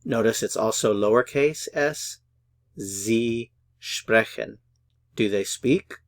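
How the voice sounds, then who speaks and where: A man teaching a beginner language lesson, patiently repeating each phrase slowly and carefully. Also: medium pitch, no room sound. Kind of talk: slow, syllable-by-syllable pronunciation lesson.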